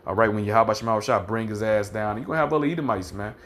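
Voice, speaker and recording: A man preaching fiercely and profanely, ending nearly every phrase with "man" and slowing down to read scripture verses aloud. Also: lowish voice. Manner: reads scripture verses slowly and deliberately. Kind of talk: fiery street-style preaching with scripture reading.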